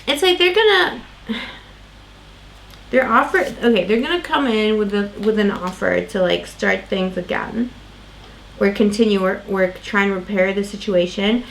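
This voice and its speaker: A woman's voice: mid-range voice, normal speed, creaky, slight background noise, rough recording. A woman doing a casual tarot reading, talking in a loose, rambling way with lots of fillers and restarts. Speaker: tarot reader.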